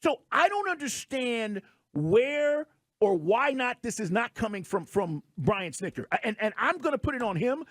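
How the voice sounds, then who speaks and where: A high-voiced man co-hosts a sports talk radio show, pressing his points hard and asking rhetorical questions one after another. He is recorded close on a studio mic with a bone-dry, deadened sound and no room echo. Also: very animated, moderate pace, a bit bright.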